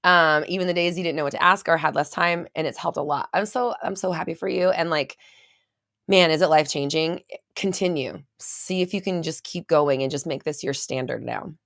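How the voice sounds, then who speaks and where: A woman's voice: low-pitched, a little fast, fairly bright tone, no room sound, clean studio sound. A woman hosting a casual live stream, rambling chattily and reading out viewer comments.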